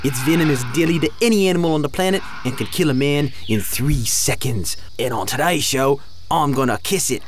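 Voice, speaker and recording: A man's voice: on the high side, a little fast, background noise, close to an everyday voice. A man playing a boastful adventure TV host in a mock Australian accent, with big showman delivery and cries of pain. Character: brash male adventure TV host, Australian style. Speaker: comedy sketch character. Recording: old sketch with music bed.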